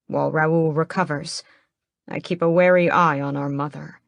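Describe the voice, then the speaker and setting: A woman narrating a first-person fantasy audiobook in a measured, steady way, close to the mic. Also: low voice, gravelly, no echo.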